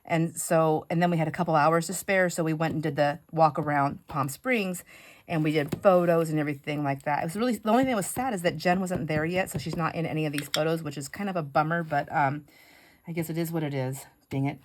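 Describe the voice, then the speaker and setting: A woman with a fairly low voice chats casually as she works on a craft project. She tells a story in a rambling, animated way, filling pauses with "um" and "like". A faint background hiss sits under the recording. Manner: chatty storyteller, many fillers and "like", animated retelling. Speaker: craft vlogger. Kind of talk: casual chat while crafting.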